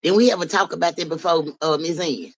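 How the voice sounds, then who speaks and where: A man hosting a livestream, answering viewers in a blunt, profane, animated way. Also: on the high side, fast, creaky, low-quality recording. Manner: blunt, profane, animated, talks back to chat. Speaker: livestream host. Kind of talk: casual livestream chat with viewers.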